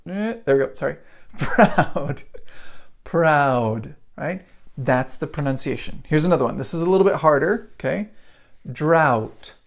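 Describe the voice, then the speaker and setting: A man's voice: fairly high pitch, animated, measured pace, creaky. Chatty American man teaching pronunciation. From United States. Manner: chatty, repeats himself, greets viewers mid-lesson. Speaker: English teacher. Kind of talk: live-streamed pronunciation lesson.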